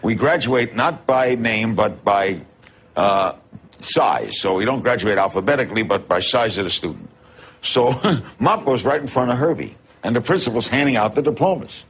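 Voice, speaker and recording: Older New York man, gravelly, animated anecdote teller. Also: medium pitch, normal speed, a little hiss or hum. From New York City. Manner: animated storytelling, laughing often. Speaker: storyteller. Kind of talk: comic anecdote, archive clip.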